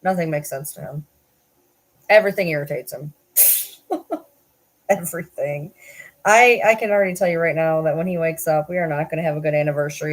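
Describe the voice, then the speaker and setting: On a live stream, a woman chats casually in a deep voice, talking a little fast and pausing often. She rambles, swears, laughs frequently, and runs herself down.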